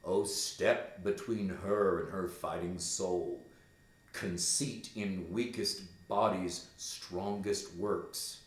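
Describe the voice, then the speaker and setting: The ghost of a murdered king speaks slowly and gravely, read by a man in a plain mid-range voice. The lines come measured and unhurried. A roomy echo surrounds them. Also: low voice, fairly even intonation. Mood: solemn.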